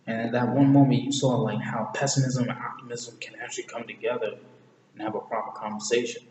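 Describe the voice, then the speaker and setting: A man's voice: mid-range voice, level tone, fast, darkish tone. A man casually analyzing a movie, rambling, correcting himself often and using slang. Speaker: movie reviewer. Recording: echoey room with long reverb, faint hiss.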